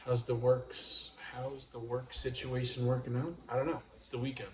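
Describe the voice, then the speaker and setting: A man from New York hosting a casual livestream chat, rambling and halting as he talks. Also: medium pitch, level tone, a little mellow. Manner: rambling, halting, full of restarts. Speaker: livestream host. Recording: roomy room with faint noise.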